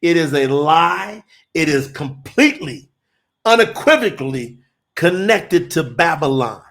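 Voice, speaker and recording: A man preaching on a livestream, fiery and emphatic, rising to shouts, then chatting loosely with his viewers between points. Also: a little high, expressive, a little slow, slight background noise. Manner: addresses the audience as y'all, loose and conversational between points. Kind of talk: livestream sermon and chat with viewers.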